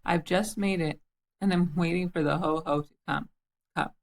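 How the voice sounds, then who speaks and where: A woman voicing a small, timid piglet who talks nervously and squeakily. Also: steady tone, moderate pace, gravelly, rough recording.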